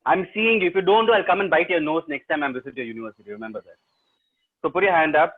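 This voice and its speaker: South Indian male storyteller, higher-pitched voice, playful and teasing, on a video call with a tinny, phone-like sound. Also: quick pace. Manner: playful, teasing, talks straight to the audience. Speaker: professional storyteller. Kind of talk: interactive storytelling webinar. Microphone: laptop mic over a video call.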